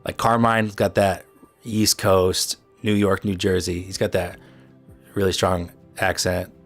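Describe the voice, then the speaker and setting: A man's voice: sits low, little pitch movement, measured pace, gravelly, faint music behind. A young man with a Chicago accent, chatting loosely with viewers on a livestream, full of fillers and blunt asides. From Midwest United States. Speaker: trading livestream host. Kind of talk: casual livestream chat answering viewers.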